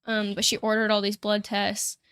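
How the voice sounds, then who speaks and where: A young woman chats casually and rambles while livestreaming a life-sim game, laughing a lot and swearing casually. Her medium-pitched voice is monotone and fairly bright, smooth, and at a moderate pace, recorded with studio quality and no echo.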